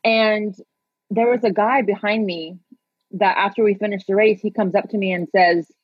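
A woman in her thirties with a husky, breathy voice, talking freely as an interview guest and recounting her past in a loose, chatty manner full of fillers. The sound is dry and close, a little dull and lo-fi. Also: mid-range voice, fairly even intonation, moderate pace, no room sound. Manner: chatty, laughs often, many fillers. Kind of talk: personal storytelling in conversation.

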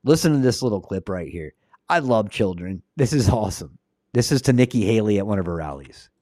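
A man's voice: fairly low pitch, animated, fairly quick, a little mellow, no room sound, studio quality. A man hosting a Christian livestream, talking earnestly and then leading a prayer, often repeating words as he starts a sentence. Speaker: host of a Christian livestream show. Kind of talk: casual livestream commentary and prayer.

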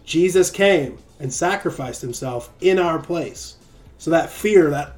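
A man's voice: on the high side, animated, a little slow, darkish tone. A man hosting a livestream and preaching casually, loose and joking, with frequent "right?" tags. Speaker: livestream host.

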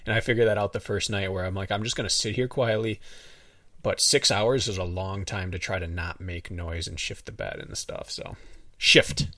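A man with an Upper Midwest accent rambles through a casual podcast chat, laughing often. His voice is fairly low and sounds a little distant from the mic. The recording is dry, with no room echo. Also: steady tone, brisk, fairly bright tone. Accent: Upper Midwest American. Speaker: podcast co-host. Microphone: headphones and remote mic.

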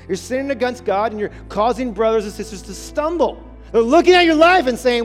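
The preacher here has a very high-pitched voice and talks a little fast. Recorded amid music and the long reverb of a church hall, he gives an emphatic sermon in the sanctuary, repeating key phrases and asking after the congregation.

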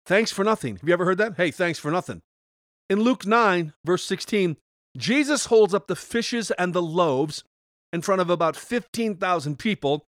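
A middle-aged man, a pastor, preaching a podcast sermon in an energetic, emphatic way with sudden rises. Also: high-pitched, dry recording.

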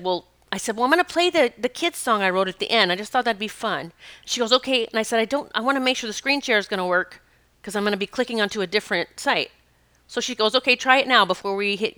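A woman's voice: medium pitch, sharp tone, dry recording. A woman hosting a spiritual podcast, telling a story in a chatty way and laughing often. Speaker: podcast host. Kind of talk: casual spiritual podcast monologue.

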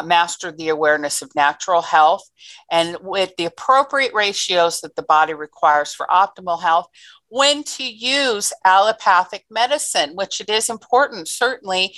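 Woman, radio co-host, effusive, emphatic, low voice, dry close sound. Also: sharp tone, no room sound. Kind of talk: enthusiastic show introduction.

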